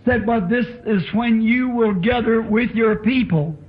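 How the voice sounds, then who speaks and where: A man's voice: extremely high pitch, a little slow. A man preaching a sermon in a church, telling his story with fervent emotion. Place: church tabernacle. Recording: dull lo-fi old tape recording.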